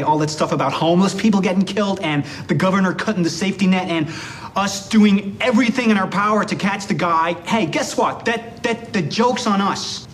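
A man's voice: high-pitched, slight background noise. An Irish actor playing a furious, ambitious male city mayor, ranting in a put-on Baltimore American accent. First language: Irish English. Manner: exasperated, ranting.

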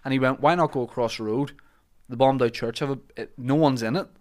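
A man hosting a podcast, telling comic stories in a casual chat and shouting out the lines he quotes. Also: medium pitch, fast talker. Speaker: podcast host.

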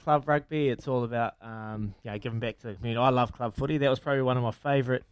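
A man's voice: mid-range voice, steady tone, racing, clean tone, no room sound. A New man co-hosts sports radio from a remote studio. His voice sits mid-range and sounds dry and close, and he chats casually with plenty of filler words. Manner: chatty, lots of mate and um. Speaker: radio co-host, former rugby player.

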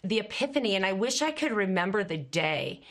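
Middle-aged woman, coach, animated storyteller, expressive, conversational. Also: mid-range voice, fairly quick. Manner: expressive, animated, laughs while telling stories. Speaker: guest, communication coach.

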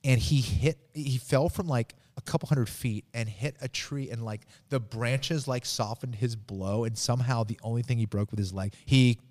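A man speaks in an easygoing interview as a jiu-jitsu coach. His mid-range voice is lively, and he leans on repeated phrases to drive his points home. The recording is close and dry, with no room sound. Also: medium pitch, moderate pace, hardly any pauses, dry recording. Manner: energetic, repeats phrases for emphasis. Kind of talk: casual interview answers.

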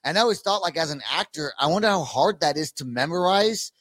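A man's voice: a little high, animated, fast, a bit bright, no echo. A man hosting a casual interview, loose and joking, swearing freely. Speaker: podcast host.

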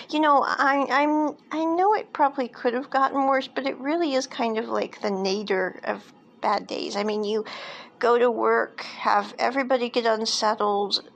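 A woman casually recapping a film's plot, rambling with lots of fillers and side comments. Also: fairly high pitch. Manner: rambling, chatty, many fillers and asides.

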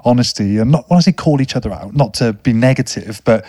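A man's voice: medium pitch, fast, warm tone, no echo, studio quality. Thoughtful male podcast host. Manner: thoughtful, asks long reflective questions. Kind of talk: conversational interview.

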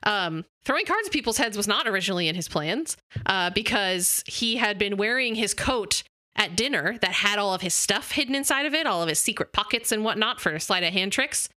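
A woman on a podcast, sharing a tale in a loose, chatty way, full of "um"s and little laughs. Her tone is bright and clear. The sound is close and dry, with no room echo. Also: mid-range voice, lively intonation, a little fast. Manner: storytelling with filler words, laughing. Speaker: podcast co-host. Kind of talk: casual chat, retelling a story.

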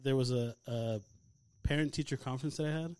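A young man co-hosting a podcast, telling stories in animated, profane casual chat. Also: mid-range voice, a little fast, clean tone, no echo. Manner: animated storytelling, heavy swearing. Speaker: podcast co-host.

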